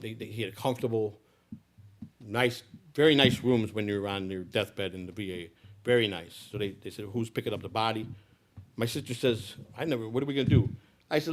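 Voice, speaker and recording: A middle-aged man from the United States telling his life story bluntly and profanely, dropping to low mutters and then rising to loud outbursts. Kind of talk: raw personal storytelling.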